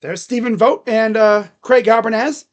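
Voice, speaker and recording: A man calling a ball game live as a fan from his room at home, excitable, chatting to viewers and shouting at the players. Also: high voice, moderate pace, muffled recording. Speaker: fan streamer calling play-by-play. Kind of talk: live fan reaction and play-by-play. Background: dogs barking.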